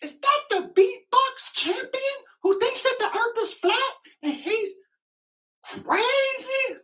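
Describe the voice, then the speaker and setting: A man voicing an excited young woman fan who gasps and gossips in a shrill, breathless voice. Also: slow pace, full character voice. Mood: starstruck.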